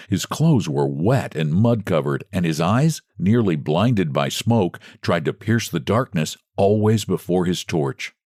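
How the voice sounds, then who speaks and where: A man narrating a classic short story with expressive storytelling delivery, close to the mic. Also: sits low, no room sound.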